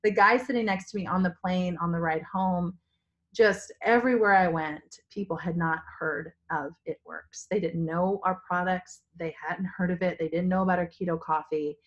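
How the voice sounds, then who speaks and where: A woman from Virginia with a hoarse, partly lost voice, giving a spontaneous, rambling pep talk to her sales team from a family home. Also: lowish voice, normal speed, lo-fi sound. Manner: enthusiastic, rambling, full of restarts. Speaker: direct-sales team leader. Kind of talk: spontaneous motivational vlog.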